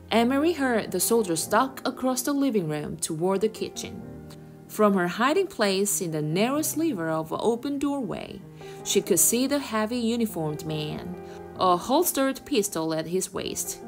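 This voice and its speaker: A woman reads a children's novel aloud for English learners in an expressive storytelling style. Her voice is mid-pitched and very animated, rising and falling with the story. Her delivery suits a teacher reading to a class.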